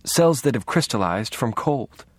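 A man's voice: mid-range voice, lively intonation, unhurried, breathy edge, no echo. A man reading the lines of a blunt, impatient young woman police officer in an audiobook, raising his voice to play her. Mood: curt. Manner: curt, impatient.

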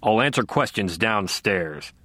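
A man's voice: lowish voice, animated, a little slow, pushed and bright, no echo, heavily acted. A male audiobook narrator voicing a commanding middle-aged police captain who talks in a curt, barking way.

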